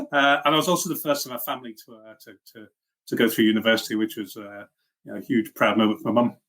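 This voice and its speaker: Middle-aged guy, liverpool-welsh mishmash accent, talks quick, lots of ums and restarts, self-deprecating. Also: medium pitch, a bit bright. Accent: mixed Liverpool and Welsh. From Liverpool, England. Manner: chatty, self-deprecating, many fillers and restarts. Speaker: guest, software engineering leader. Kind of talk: casual interview chat.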